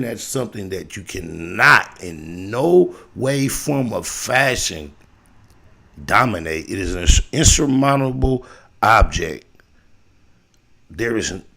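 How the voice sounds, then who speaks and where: Male streamer, gravelly low voice, casual reaction commentary, animated and preachy. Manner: animated, preachy, swings from loud hype to low lecturing. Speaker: livestream host reacting to a video.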